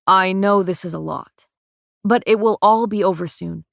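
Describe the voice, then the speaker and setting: A woman narrator voicing a weary young male king who speaks gently and quietly. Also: mid-range voice, normal speed, creaky, no room sound, clean studio sound. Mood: gentle.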